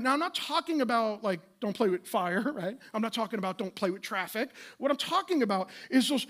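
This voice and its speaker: Very high-voiced impassioned male preacher. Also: expressive, a bit bright. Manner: conversational, impassioned preaching with rhetorical questions and quick restarts. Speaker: pastor. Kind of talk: sermon.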